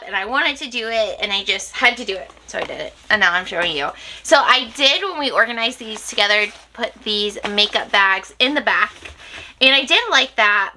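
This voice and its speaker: Woman makeup vlogger at home, bright tense tone, a bit high, chatty and giggly, faint noise behind. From United States. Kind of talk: casual chat to camera.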